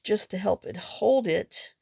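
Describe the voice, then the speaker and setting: Gravelly, chatty woman crafting on camera. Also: mid-range voice, measured pace, mellow, slight background noise. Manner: rambling, chatty storyteller who mutters to herself while working. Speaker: journal crafting vlogger. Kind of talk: casual chat while crafting.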